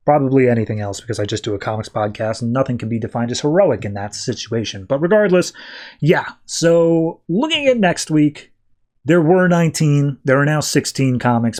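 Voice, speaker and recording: A man's voice: medium pitch, darkish tone. Brief: male podcast host, loose and wry, recapping comics casually. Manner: wry and self-deprecating, loose recap talk. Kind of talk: casual comic book review.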